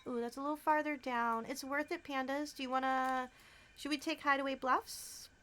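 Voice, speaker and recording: A woman streaming a game, chatting casually with her viewers, giggling often and quick to get excited. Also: high voice, a little hiss or hum. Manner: bubbly, giggly, talks to chat. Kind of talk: casual gameplay livestream chat.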